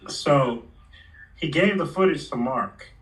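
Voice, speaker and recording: A man's voice: on the high side, expressive, takes it slowly, distant mic, rough recording. A man in his forties, a former pro skater, telling stories in a laid-back, slangy way and acting out the quotes. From Los Angeles area. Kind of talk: casual storytelling interview.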